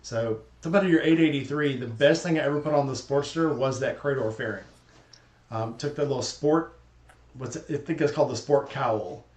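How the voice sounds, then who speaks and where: A man's voice: medium pitch, a little fast. Chatty man in an echoey room. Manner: chatty, relaxed, enthusiastic storytelling. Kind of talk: casual chat.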